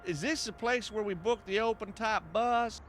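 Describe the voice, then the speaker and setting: A man's voice: mid-range voice, sing-song, normal speed, slight background noise, natural voice. An actor playing the easygoing, joking male hero of an adventure game. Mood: fake Texan drawl. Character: wry adventurous American man, game hero. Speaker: game protagonist.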